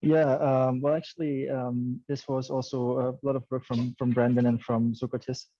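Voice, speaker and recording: A man's voice: mid-range voice, level tone, moderate pace, mellow, no room sound. Breathless man on a muffled call. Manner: hesitant, with many "um"s. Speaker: contest winner. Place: gym. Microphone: video call. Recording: muffled video call audio.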